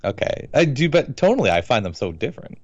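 A man co-hosting a casual film review chat, speaking in a measured, hesitant way with many fillers. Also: mid-range voice, big pitch swings, no echo, lo-fi sound. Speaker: podcast co-host.

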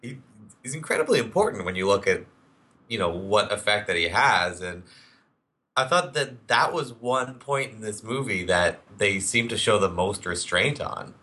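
A man with a low, deep voice that still carries a bright, forceful edge. He co-hosts a casual film podcast, rambling enthusiastically with plenty of ums and restarts as he builds his point. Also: expressive, moderate pace. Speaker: podcast co-host.

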